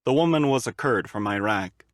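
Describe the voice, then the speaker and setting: Male audiobook narrator, steady and dry. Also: mid-range voice, normal speed, no room sound. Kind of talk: fan audiobook reading.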